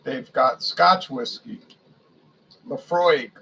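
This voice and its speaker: A man's voice: on the high side, slow pace, vocal fry, pushed and bright, breathy edge, low-quality recording. A man casually reading a liquor list aloud, musing to himself and stumbling over foreign names. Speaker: beer and spirits reviewer.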